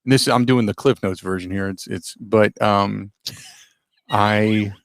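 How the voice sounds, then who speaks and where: A middle-aged man, a radio host, telling a story in a casual, animated, self-deprecating way with a gravelly voice. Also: on the low side, measured pace, a little hiss or hum.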